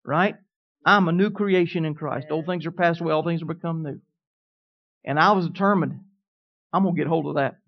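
An emphatic preacher at mid pitch, driving home each line of the sermon and often putting questions to the congregation. Every declaration is repeated with more weight. The sound is dull and lo-fi. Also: a little fast, long pauses.

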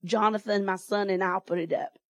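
A woman's voice: mid-range voice, fairly even intonation, fairly quick, no room sound. Folksy woman preacher, dry sound. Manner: folksy storytelling, laughing often. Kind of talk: sermon testimony.

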